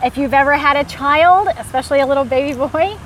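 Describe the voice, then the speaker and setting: Giggly woman co-hosting a comedy sketch, high bright voice, quick to laugh. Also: slight background noise. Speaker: comedy podcast co-host.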